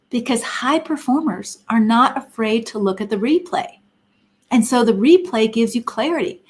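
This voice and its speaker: A middle-aged woman giving an earnest, emphatic teaching talk on a live stream, asking many rhetorical questions. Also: on the high side. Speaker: Christian counselor and speaker.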